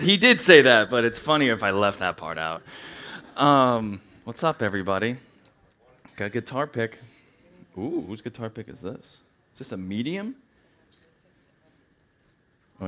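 A man in his thirties with a bright, forward voice talks from the pulpit in a loose, chatty way, leaning on fillers and poking fun at himself. His nerves show as he rambles toward his sermon. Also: lowish voice. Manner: chatty, rambling, self-deprecating, many "like" fillers. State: nervous. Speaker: church speaker. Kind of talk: casual sermon opening. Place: church sanctuary.

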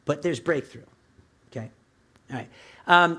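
A male pastor delivers a sermon in a church, talking casually rather than orating. His voice sits slightly above the usual male register, and he keeps checking in with listeners through quick rhetorical questions and asides. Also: fairly high pitch, fairly bright tone.

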